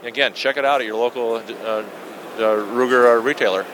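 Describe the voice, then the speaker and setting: A man at a trade show booth, pitching a new product enthusiastically in an interview. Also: fairly even intonation, normal speed, background noise. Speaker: company representative.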